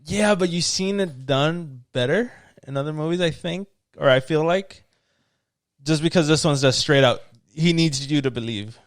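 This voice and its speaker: A man's voice: a little high, moderate pace, dry recording. Dry-sounding man in casual podcast chat. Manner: opinionated, swears casually. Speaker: podcast host.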